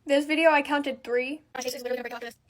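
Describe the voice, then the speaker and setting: A woman's voice: high voice, steady tone, very fast, slight background noise. A young woman doing a makeup tutorial voice-over, counting aloud and scolding herself in dramatic exasperation. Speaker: beauty creator.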